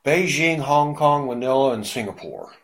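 A man's voice: mid-range voice, expressive, normal speed, a bit bright, slightly rough. A man hosting a casual group chat, rambling with many fillers and restarts.

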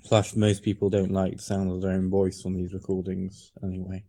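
A man hosts a casual podcast conversation in a low voice that barely rises or falls. He hesitates and lets his sentences trail off. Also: monotone, a little fast, mellow, husky. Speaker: podcast host. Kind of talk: casual chat.

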